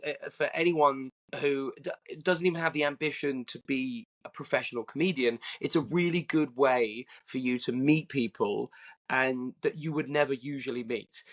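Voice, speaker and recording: Animated southern English man, slightly raised pitch. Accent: southern English, slightly Australian. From southern England. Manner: animated storyteller with frequent fillers and restarts. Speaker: guest, stand-up comedian. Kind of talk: casual interview chat.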